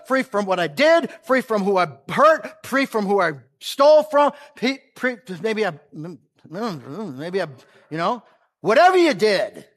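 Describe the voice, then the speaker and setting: A male preacher delivering a sermon, who switches between shouting for emphasis and a calm, conversational way of talking. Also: extremely high pitch, big-room sound.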